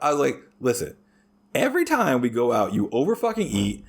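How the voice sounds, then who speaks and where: A man chatting casually as a podcast guest, swearing heavily and telling crude stories in an animated way. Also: mid-range voice, fairly quick, breathy edge. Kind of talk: casual chat.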